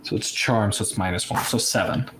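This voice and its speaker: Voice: medium pitch, fairly quick, noisy background. A player in a tabletop game who speaks thoughtfully and tentatively.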